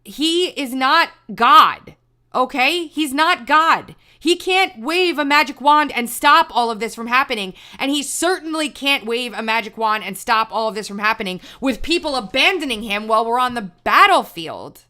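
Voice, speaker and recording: A woman's voice: a little high, animated, normal speed, few pauses, sharp tone. A woman hosting a news commentary livestream, talking emphatically in a ranting way with frequent restarts. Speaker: political commentary host.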